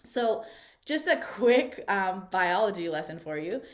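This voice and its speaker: A woman's mid-range, expressive voice moves a little slowly. As a voice coach hosting a live online workshop over a video call, she talks conversationally and encouragingly, often checking in with "right?".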